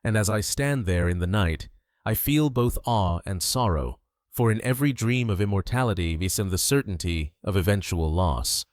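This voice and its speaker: Male sleep-documentary narrator, low, dry close sound, calm and measured. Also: no echo.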